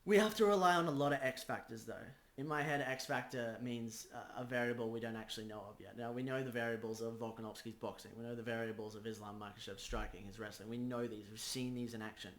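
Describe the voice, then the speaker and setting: A man's voice: mid-range voice, steady tone, fast, few pauses, fairly bright tone, roomy sound. A man giving a casual fight breakdown, acting out scenarios play by play. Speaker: combat sports analyst.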